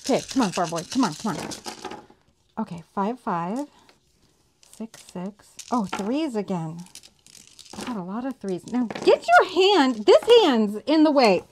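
Playful teasing woman host, lively voice. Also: fairly high pitch, background noise. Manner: playful, teasing and quick to laugh. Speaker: savings channel host. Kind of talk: casual chat over a tabletop dice game.

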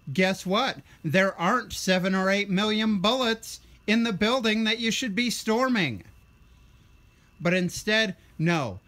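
A young man with a somewhat high voice delivers a blunt, sarcastic political rant. He sounds tired, with a ranting, combative edge throughout. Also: a bit bright. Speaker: vlogger.

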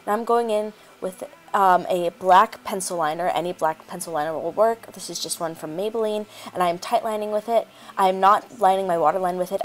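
A woman's voice: lowish voice, slight background noise. A woman chatting casually as she narrates a makeup tutorial, rambling with lots of fillers. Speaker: beauty vlogger.

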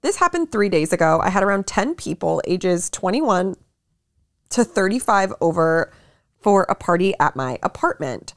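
A woman's voice: medium pitch, moderate pace, no room sound, studio quality. A young woman co-hosting a podcast, chatting casually and reading a listener's post aloud. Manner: animated, laughing often, lots of likes. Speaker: podcast co-host.

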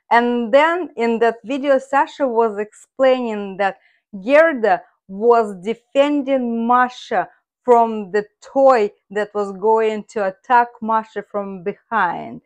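A woman teaching Russian, explaining words slowly and carefully in English. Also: a little high.

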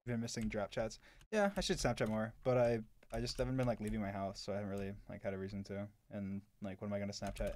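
A man's voice: on the low side, steady tone, quick pace, darkish tone. A young man in his twenties casually answering chat on a live stream, blunt and sarcastic, with lots of "like". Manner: blunt and offhand, heavy filler "like", sarcastic asides.

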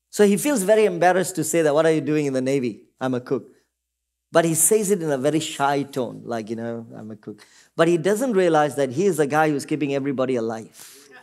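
Man preaching a lively sermon. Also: on the high side. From Singapore. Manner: calls out to the congregation with repeated "Amen?" and acts out short quoted voices. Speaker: pastor.

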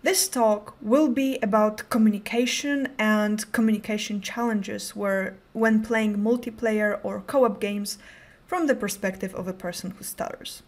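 A woman's voice: medium pitch, fairly even intonation, unhurried. A young adult woman giving a prepared conference talk, speaking in a careful, controlled way with occasional stutters on sounds.

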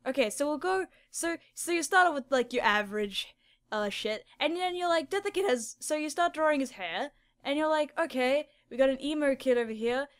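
A woman's voice: high voice, expressive, normal speed, a bit bright. A young woman hosting a comedy video, talking in a casual, sarcastic way with mock-amazed asides and swearing.

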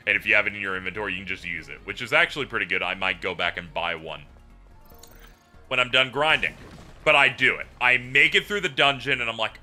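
A man livestreaming and chatting casually about a game, telling it as an animated story with swearing and laughter. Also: fairly low pitch, brisk, faint music behind. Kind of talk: casual gameplay chat.

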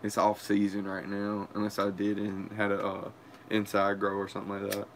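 A man's voice: fairly low pitch, completely flat delivery, moderate pace, a little hiss or hum. A young man, telling a crude, profane story in casual vlog chat and laughing often. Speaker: vlogger.

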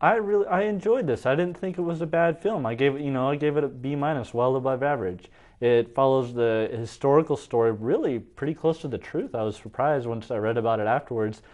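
A man's voice: medium pitch, a little fast, dull audio. A man co-hosting a casual movie review talk, chatty and easygoing. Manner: relaxed, chatty, with frequent restarts and hedges.

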